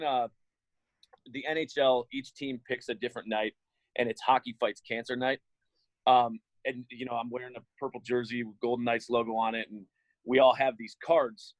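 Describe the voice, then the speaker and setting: A man who works as an arena emcee, telling an embarrassing story in a relaxed, self-mocking way on a panel. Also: medium pitch, dry recording, poor audio. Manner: laid-back, amused, self-mocking storyteller.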